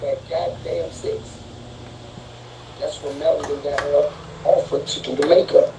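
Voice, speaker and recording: A man's voice: on the high side, fairly even intonation, unhurried, distant mic. A man talking on a live stream, complaining in an agitated, profane way. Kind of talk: casual live-stream talk. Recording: noisy, off-mic.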